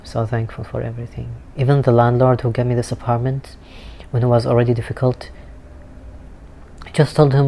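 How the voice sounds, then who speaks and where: A man's voice: medium pitch, level tone, a little fast, mellow, slight background noise. A man vlogging a candid, emotional personal monologue, earnest and sometimes swearing, recorded outdoors in a city. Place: outdoors in a city with street music nearby.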